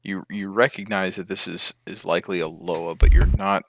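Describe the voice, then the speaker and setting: A man's voice: sits low, flat delivery, moderate pace, vocal fry, dry recording, studio quality. A man narrating a tabletop game as game master, hesitant and full of ums.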